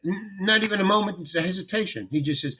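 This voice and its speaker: A man's voice: high voice, quick pace, a little hiss or hum. An older man, a veteran character actor, telling stories in an interview and acting out other people's lines as he goes. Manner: animated storyteller who acts out other people's lines. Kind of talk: storytelling interview.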